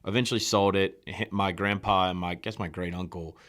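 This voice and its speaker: A man's voice: low-pitched, fairly quick. A young man, telling stories as a podcast guest in casual chat and acting out the quotes. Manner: animated storyteller acting out quotes. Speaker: podcast guest, small business owner.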